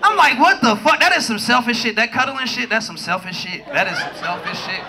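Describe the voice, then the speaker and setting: A man doing a stand-up comedy set on a club stage, loud and profane, acting out his partners in quick voices. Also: very high voice, lively intonation, low-quality recording. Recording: live club with loud crowd laughter.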